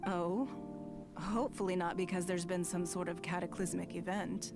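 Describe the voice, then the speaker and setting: A woman's voice: on the low side, steady tone, normal speed, lightly acted. A woman playing a poised, haughty aristocratic official who speaks formally with dry, cutting remarks. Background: loud game music.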